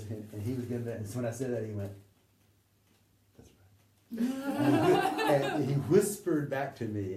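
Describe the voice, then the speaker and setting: A middle-aged man recounting memories in a halting, conversational way, often acting out the voices he quotes and sometimes dropping to a near whisper. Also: on the low side, mellow, slight background noise. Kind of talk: conversational anecdote telling. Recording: distant roomy recording with faint ambience.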